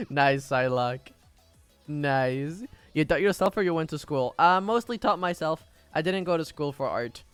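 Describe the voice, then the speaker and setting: A man's voice: on the high side, very animated, slow pace, smooth, dry recording. A man streaming himself drawing, chatting casually, giggling and humming little tunes as he works. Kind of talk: casual chat while drawing. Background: faint background music.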